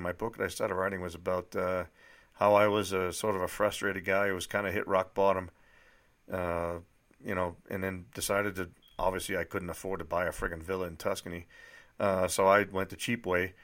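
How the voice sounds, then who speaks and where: A man's voice: low-pitched, a bit bright. A man in his thirties from New Hampshire with a slightly nasal voice, rambling casually with fillers before reading his own book aloud. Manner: rambling, many fillers and restarts. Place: dry indoor room.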